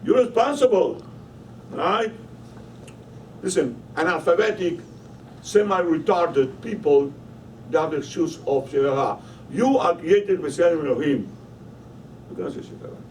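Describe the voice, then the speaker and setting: A man's voice: a little high, animated, a little slow, long pauses, darkish tone. A man teaching a Torah class in a study hall, emphatic and constantly questioning his listeners. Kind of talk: Torah lesson. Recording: voice from a distance, faint room noise.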